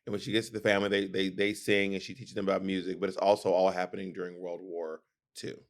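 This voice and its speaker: Lower-pitched man, opinionated chat. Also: fast talker. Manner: opinionated, animated storytelling with quoted voices. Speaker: podcast co-host. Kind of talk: casual chat.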